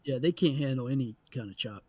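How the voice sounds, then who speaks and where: A man co-hosting a podcast, telling a story in an animated, profane way and acting out the people in it. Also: mid-range voice, fast talker, slightly rough, no room sound. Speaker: podcast co-host. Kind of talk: casual storytelling chat.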